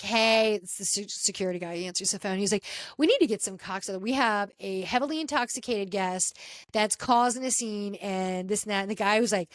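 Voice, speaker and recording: Animated high-voiced woman podcast host. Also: no echo. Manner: animated storyteller, acts out quotes with pitch jumps. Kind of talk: casual chat recapping a reality show.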